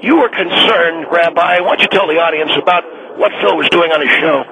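Guy playing a pushy radio exec, high sharp voice, bounces all over, talks over people. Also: fairly quick, slight background noise, low-quality recording. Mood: bossy. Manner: overbearing, keeps cutting people off. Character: bossy pushy male radio executive.

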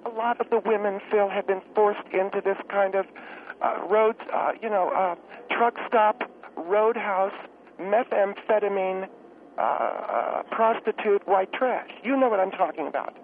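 A man putting on a prim, condescending woman clinic director who hedges every sentence with ums and uhs. The voice sits high and comes through a tinny phone line with a faint hiss behind it. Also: measured pace. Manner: hesitant, full of ums and uhs, prissy. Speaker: guest.

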